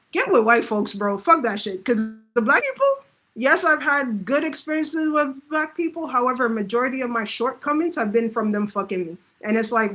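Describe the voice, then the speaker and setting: A woman's voice: on the high side, moderate pace, a bit bright, rough recording. Blunt, profane woman giving business advice. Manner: acts out quoted voices. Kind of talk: casual unscripted monologue.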